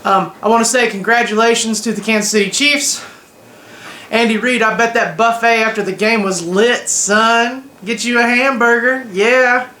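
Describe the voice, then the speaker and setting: A man's voice: very high voice, steady tone, normal speed, bright, forceful tone, reverberant. A young man giving opinionated, joking reactions in a casual, slangy vlog. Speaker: vlogger.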